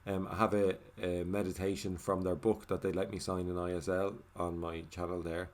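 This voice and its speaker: Male voiceover, very low register, loose conversational delivery with fillers, murmurs the meditation phrases. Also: level tone, normal speed. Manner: casual, with many fillers like "you know" and "like"; drops to a soft murmur when repeating the meditation phrases. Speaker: English voiceover for a signed video. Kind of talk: reflective first-person voiceover.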